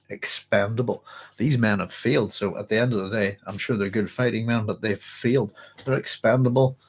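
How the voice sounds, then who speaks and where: A hoarse man hosting a book club, chatting casually and reading passages aloud with rambling self-corrections. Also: medium pitch. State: hoarse, clearing his throat.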